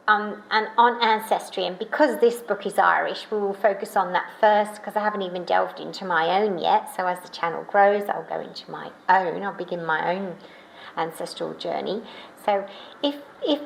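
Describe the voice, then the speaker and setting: Gravelly, chatty woman vlogging. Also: mid-range voice, slight background noise, low-quality recording. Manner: chatty and enthusiastic, with many restarts. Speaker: novelist and channel host. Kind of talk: casual talk to camera. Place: art studio.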